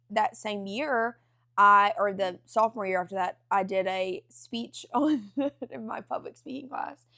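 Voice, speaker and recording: A young woman with a Southern US accent, co-hosting a podcast in casual chat, telling stories with laughter and loud acted-out quotes. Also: medium pitch, unhurried. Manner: animated, laughing, acts out quotes loudly. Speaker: podcast co-host.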